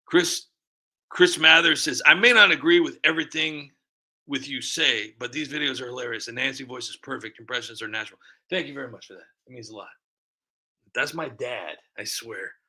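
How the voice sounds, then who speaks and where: A man hosting a casual livestream, rambling to viewers, reading their comments aloud and slipping into quick voice impressions. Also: medium pitch, creaky, bright, forceful tone. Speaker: livestream host.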